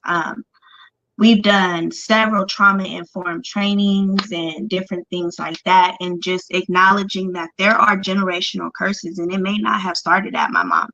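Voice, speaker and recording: A woman's voice: medium pitch, bright, forceful tone, no echo. A woman guest candidly telling her life story in an interview, speaking with lots of "like" and "um". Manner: candid, filler-heavy speech with frequent "like" and "um". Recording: dull lo-fi dry recording.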